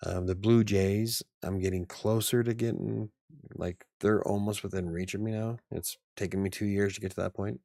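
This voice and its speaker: A man's voice: on the low side, fairly even intonation, moderate pace, gravelly, mellow, no room sound, clean studio sound. A man in his forties hosting a casual live stream, rambling and chuckling often. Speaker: channel host.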